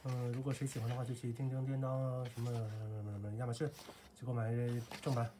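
A woman from China giving quick, offhand spoken asides as co-host. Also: extremely low pitch, little pitch movement, mellow, a little hiss or hum. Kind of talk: casual commentary.

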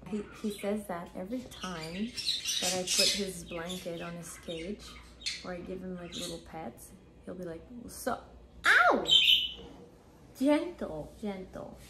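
A woman chats casually at home while filming her parrot, her voice switching between easy explanation and a playful, coaxing sing-song aimed at the bird. The recording is full of loud background noise, with birds chirping and squawking behind her. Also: on the low side, measured pace. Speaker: vlogger, parrot owner. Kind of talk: casual home vlog talk. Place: home, near a birdcage.

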